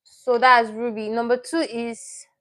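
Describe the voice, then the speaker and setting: A woman's voice: fairly high pitch, little pitch movement, a little slow, sharp tone. A woman teaching a live online language lesson, patient and repeating each word as she explains it step by step.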